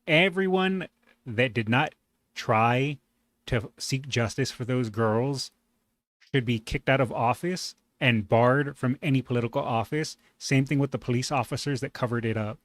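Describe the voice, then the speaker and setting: A man's voice: medium pitch, unhurried, no echo. A man hosting a reaction video, commenting casually with sarcasm and indignant rhetorical questions.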